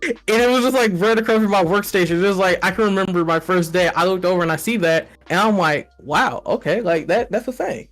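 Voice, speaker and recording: A man chatting as a podcast guest, telling stories casually and acting out quoted dialogue in lively voices. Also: high-pitched, fast talker, faint music behind. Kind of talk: casual chat.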